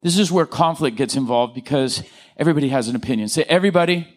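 A male pastor preaching a lively sermon, joking with the congregation and asking them to answer back. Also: medium pitch, fast. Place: church.

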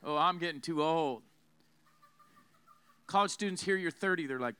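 Fiery high-voiced male preacher. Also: moderate pace, pauses often, bright, forceful tone. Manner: fiery, emphatic, has the crowd repeat phrases. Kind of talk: sermon.

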